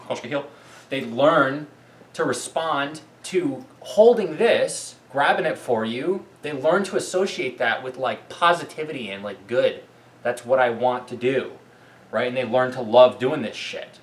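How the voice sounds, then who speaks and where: A man's voice: lively intonation, moderate pace, a bit bright. Man, dog trainer, blunt, profane, ranting to camera, echoey, distant mic. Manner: blunt, profane, keeps asking "right?"; calls commands to his dog and praises it in a high voice.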